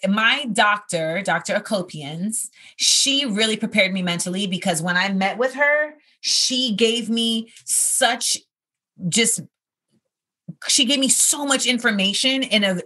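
Chatty woman comedian, bright voice. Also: medium pitch. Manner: chatty, storytelling, full of fillers like "you know". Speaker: comedian hosting a podcast segment. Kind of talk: casual monologue.

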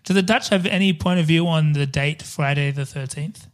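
Joking male co-host, slightly high voice, loose and rambling. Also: normal speed. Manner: jokey, rambling asides. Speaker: podcast co-host. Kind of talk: casual chat.

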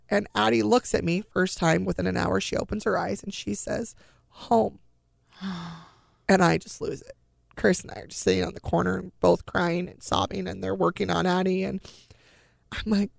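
A woman's voice: medium pitch, fairly even intonation, fairly quick, vocal fry, no echo, studio quality. A mother recounting a painful personal story in an earnest, emotional way, restarting her sentences at times. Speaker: interview guest, bereaved mother.

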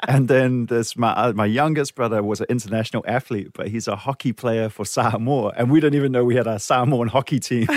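A man's voice: mid-range voice, lively intonation, moderate pace, dry recording, clean studio sound. A middle-aged man with a New Zealand accent, a comedian guest telling stories on a radio show, chatty, laughing often and restarting his sentences. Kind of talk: radio interview, storytelling. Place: radio studio. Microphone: studio microphone.

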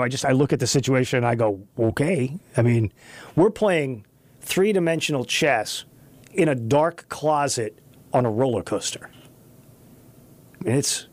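A man hosting a talk radio show, chatting loosely with a co-host, animated and rambling with frequent restarts. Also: medium pitch, normal speed, no echo. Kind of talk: casual talk radio chat. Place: radio studio. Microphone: studio microphone.

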